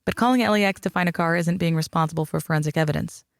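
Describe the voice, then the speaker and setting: A man voicing a relaxed, amused male sheriff in an audiobook. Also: a little high, rapid-fire, vocal fry, dry recording, studio quality. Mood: easygoing. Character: easygoing male sheriff, relaxed and rule-minded.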